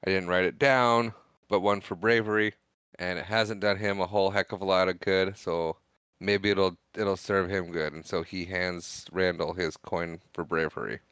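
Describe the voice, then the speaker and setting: A man's voice: low voice, little pitch movement, normal speed, a bit bright, smooth, no room sound, clean studio sound. A man co-hosting a podcast, casually retelling a movie's scenes and laughing often at them. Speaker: podcast co-host. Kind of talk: casual movie recap chat.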